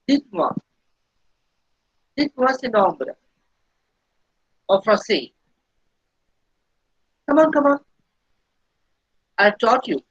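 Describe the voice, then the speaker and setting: A woman teaching a beginner French lesson, explaining slowly and patiently and repeating each phrase. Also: a little high, breathy edge, no room sound. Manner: slow, patient explaining with repetition. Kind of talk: recorded language lesson. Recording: dull lo-fi recording.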